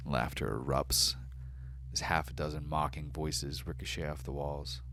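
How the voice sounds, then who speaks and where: A man narrating a tabletop game as game master in a dramatic, measured way. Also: rumbling low, flat delivery, fairly bright tone, a little hiss or hum.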